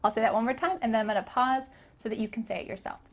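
A woman's voice: fairly high pitch, steady tone. American woman teaching English pronunciation. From North America. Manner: slow drilled repetitions, light laughs. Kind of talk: spoken English lesson.

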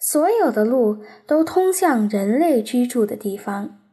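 A woman whose first language is Chinese, reading a bilingual storybook aloud in a slow, careful, lilting way. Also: a little high, expressive, warm tone. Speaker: audiobook reader.

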